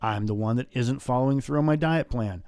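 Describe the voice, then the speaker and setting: A man's voice: mid-range voice, a little fast, darkish tone, no room sound. Man, podcast host, blunt motivational rant, casual swearing, dry close-miked sound. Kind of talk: motivational monologue.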